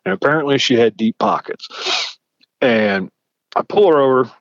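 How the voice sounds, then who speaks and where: A man's voice: medium pitch, moderate pace, dry recording. A man, a former police officer, telling traffic-stop stories in casual chat and acting out the dialogue. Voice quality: animated, acts out quoted dialogue. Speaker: podcast host, former police chief. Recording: dull lo-fi dry sound.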